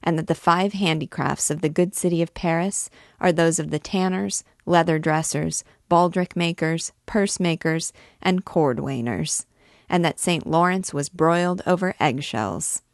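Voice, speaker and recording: A woman's voice: sits low, a little slow, no echo, studio quality. A woman reading as a swaggering drunk young student. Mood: boastful. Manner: swaggering, mock-grand declaiming. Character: rowdy boastful young male student, drunk.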